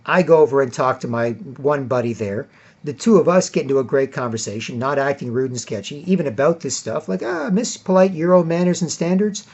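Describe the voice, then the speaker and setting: A man with a mid-range, darkish, slightly rough voice and a brisk pace vlogs a long, rambling, casual story, leaning on "right?" and "whatever" as tags. He acts out other people by raising his voice mockingly. The recording is dull and lo-fi.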